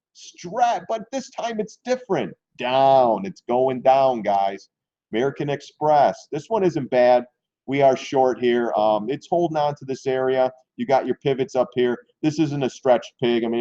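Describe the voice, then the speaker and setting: A man talks through stock charts on a live stream, blunt and excitable and quick to use crude slang. His voice is dark and mellow in tone. The audio sounds dull and lo-fi. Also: medium pitch.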